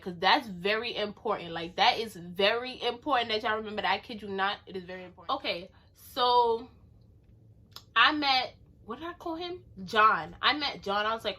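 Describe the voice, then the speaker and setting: A young woman telling a story to camera in a chatty, animated way, full of "like". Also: mid-range voice, normal speed, husky. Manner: chatty and animated, leaning on filler "like". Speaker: storytime vlogger.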